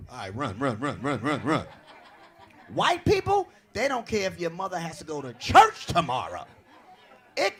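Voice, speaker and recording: A man doing a stand-up comedy set on a club stage, brash and profane, telling stories loudly to a live audience. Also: high voice. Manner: brash, profane, animated storytelling.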